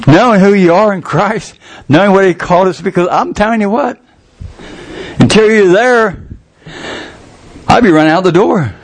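Older male preacher, slightly high voice, folksy storyteller who builds to fervent peaks. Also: normal speed, pauses often. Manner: folksy, colloquial storytelling with rising fervor. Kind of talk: sermon.

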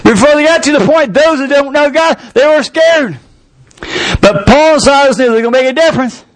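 A man preaching a sermon, telling a scripture story with lively, acted-out scenes. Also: very high-pitched, brisk. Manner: animated storytelling, acting out scenes.

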